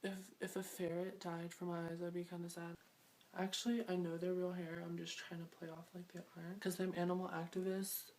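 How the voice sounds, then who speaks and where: A woman's voice: lowish voice, little pitch movement, a little fast, a little mellow. A young woman vlogging to camera in a playful, rambling, self-mocking way. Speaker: beauty and fashion vlogger. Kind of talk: casual chat to camera. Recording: distant mic with faint noise.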